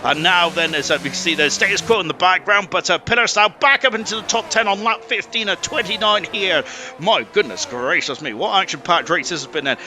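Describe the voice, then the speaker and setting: Excitable man commentating a sim race. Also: high voice, fairly quick, background noise. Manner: excitable, rambling with many fillers and exclamations. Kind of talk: live sim racing commentary.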